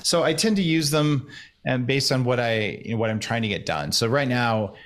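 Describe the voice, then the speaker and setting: Quick, animated man explaining with confidence. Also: mid-range voice. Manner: quick, animated explainer with self-deprecating asides. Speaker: guest expert. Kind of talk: casual interview talk. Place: Austin.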